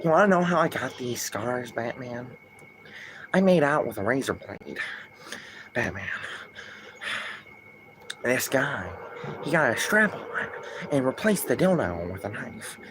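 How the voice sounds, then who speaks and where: A man putting on the voice of an unhinged male clown villain, drawling and trailing into a hushed murmur at the end of his lines. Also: mid-range voice, big pitch swings, unhurried, pauses often, noisy background.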